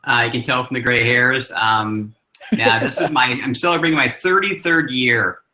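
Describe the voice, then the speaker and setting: Fifties male guest, bright tone, halting and friendly storyteller. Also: mid-range voice. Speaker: guest, learning consultant. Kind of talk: casual interview talk.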